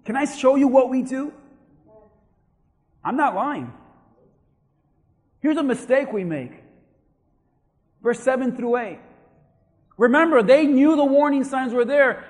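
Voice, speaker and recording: A male pastor preaching a sermon, swinging between shouted emphasis and quiet asides. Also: very high voice, animated, slow, pauses often, in a large hall.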